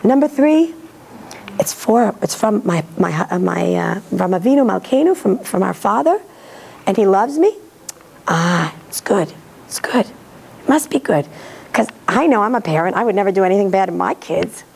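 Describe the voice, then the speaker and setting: Hoarse from laryngitis, a woman with a medium-pitched voice gives an earnest, animated religious lecture at a moderate pace to an audience in a synagogue hall, acting out bits of dialogue. The recording is rough.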